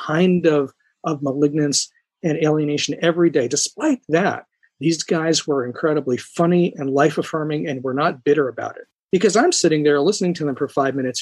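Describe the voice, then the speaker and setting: A psychologist from New York, a man, talking as a guest in a podcast interview and telling an anecdote with lively restarts. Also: fairly high pitch, no echo. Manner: animated storyteller, frequent restarts.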